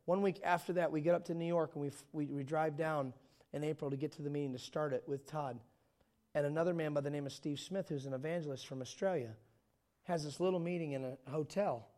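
A man preaching a sermon in a church, telling stories with jokes in an animated way. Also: fairly high pitch.

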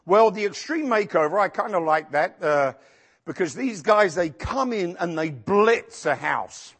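A male pastor preaching a sermon in a church, acting out quotes with sudden shouts. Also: sits high, a little slow, husky. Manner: animated, acts out quotes with shouts.

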